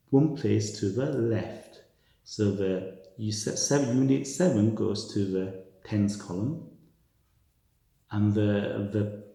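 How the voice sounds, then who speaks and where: A man talks through a maths lesson, reasoning aloud and stressing key words as he goes. His voice sits low and gravelly, with a mellow tone. The sound rings around a very echoey room. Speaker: tutor.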